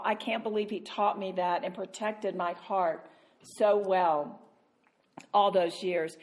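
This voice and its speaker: A woman Christian speaker telling a self-mocking story, animated and laughing often. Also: mid-range voice. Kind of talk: storytelling talk.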